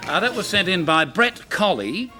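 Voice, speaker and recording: Lively high-voiced comedian. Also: male voice. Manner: quick, joking, teasing. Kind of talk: telling jokes on live TV. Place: TV studio with live audience. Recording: live TV studio audience, music.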